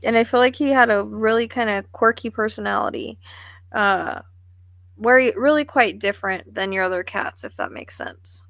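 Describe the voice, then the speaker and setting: A woman's voice: medium pitch, moderate pace, creaky, a bit bright, no room sound. A woman psychic medium giving a live reading, thinking aloud in a musing, tentative way.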